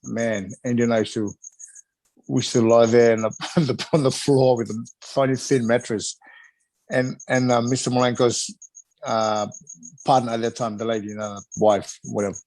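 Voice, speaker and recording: A middle-aged man in a relaxed interview, swapping stories with lively energy and frequent laughter. His voice sits at an ordinary male pitch, recorded dry and close with no room echo. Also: normal speed. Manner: animated, laughs often, acts out other people's voices. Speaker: guest, retired wrestler. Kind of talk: casual storytelling interview.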